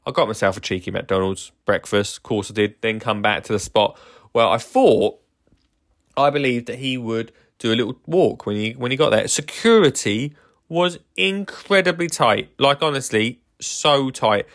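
A man's voice: mid-range voice, normal speed, fairly bright tone. A man hosting a casual solo podcast, rambling enthusiastically with lots of fillers and restarts. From England. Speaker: podcast host.

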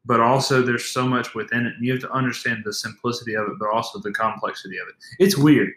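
Man, young adult, bright voice, earnest, emphatic, casual podcast talk, roomy echo. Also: mid-range voice, fairly even intonation, fast talker. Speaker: podcast co-host. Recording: echoey room.

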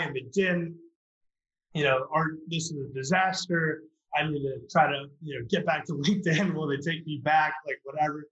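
A man, a startup founder, telling a story on a podcast with lively acted-out quotes. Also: on the high side. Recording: roomy, dull lo-fi sound.

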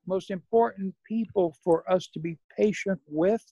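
A middle-aged man, a podcast guest, talking about recovery in a measured, folksy way. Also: sits high, warm tone, slightly rough, no room sound, low-quality recording. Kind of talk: reflective recovery conversation.

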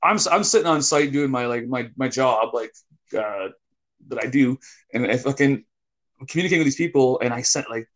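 A man telling a story in casual talk, swearing often and breaking into loud yelled bits. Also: medium pitch, fairly quick. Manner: animated, swears a lot, bursts of yelling when quoting. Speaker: podcast co-host telling a story.

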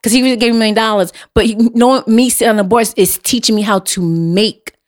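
A woman's voice: fairly high pitch, fairly even intonation, fast talker. A young adult woman hosting a podcast, talking bluntly and emphatically, repeating her points and swearing freely. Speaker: podcast host. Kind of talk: casual chat.

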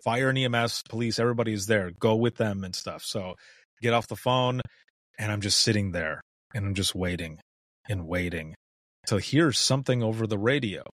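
A man's voice: lowish voice, moderate pace, no room sound, clean studio sound. A middle-aged man from Southwest Michigan, a former 911 dispatcher, telling stories in a casual chat and acting out the voices of the people in them. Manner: animated, acts out the voices in his stories, laughs often. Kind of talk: storytelling in casual conversation.

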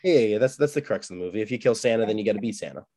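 A man's voice: fairly low pitch, lively intonation, very fast, dark tone. Wry, teasing man co-hosting a podcast. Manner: wry, teasing, swears casually. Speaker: podcast co-host. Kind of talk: casual chat.

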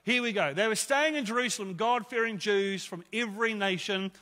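A man's voice: high-pitched, a little fast, bright, forceful tone, big-room sound. A man preaching a sermon to his church, conversational and emphatic, with rhetorical questions. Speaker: pastor.

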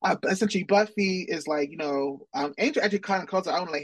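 A man with a husky voice recapping a TV episode for a podcast, recorded dry and close. He rambles, corrects himself mid-sentence and drops into playful quoted asides. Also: sits high, quick pace, no room sound. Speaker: podcast co-host. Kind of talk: casual pop-culture recap chat.

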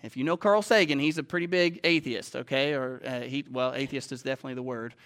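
A man's voice: medium pitch, fast talker, a bit bright, clean tone. A man preaching a sermon from a stage to a live audience, talking conversationally and often asking the listeners questions. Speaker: pastor.

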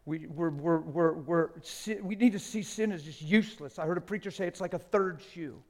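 A man preaching a live sermon in a church hall, emphatic and joking with the congregation, swinging from hushed asides to loud declarations. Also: on the high side, moderate pace. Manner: jokes with the congregation.

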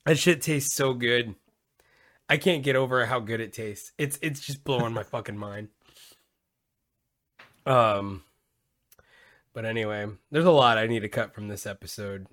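A man's voice: mid-range voice, measured pace, long pauses, a bit bright, dry recording. Young guy rambling on a podcast, swears constantly, says dude a lot, mid voice, dry sound. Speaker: podcast host. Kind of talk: casual chat.

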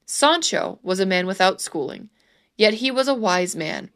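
A woman reading a storybook aloud in a measured, expressive way. Her voice sits at an ordinary middle pitch. Her narration is steady and clear.

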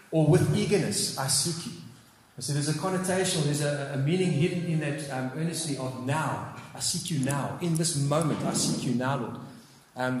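A man's voice: fairly high pitch, darkish tone, slight background noise. A man preaching a sermon, earnest and repeating phrases, with fervent rises when he cries out scripture. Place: church hall. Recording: echoey hall with long reverb.

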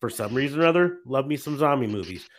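A man's voice: mid-range voice, fast talker. A man in his thirties hosting a casual podcast, rambling through wrap-up plugs with plenty of ums and restarts. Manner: relaxed, rambling with many fillers. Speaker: podcast host.

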